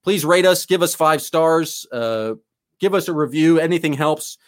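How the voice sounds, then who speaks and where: A man co-hosting a podcast in loose, casual chat, rambling along as the self-styled goofball of the pair. His voice sits a bit high for a man. The sound is dry and close, with no room in it. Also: moderate pace, no room sound. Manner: self-described eccentric goofball, rambling and enthusiastic. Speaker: podcast co-host.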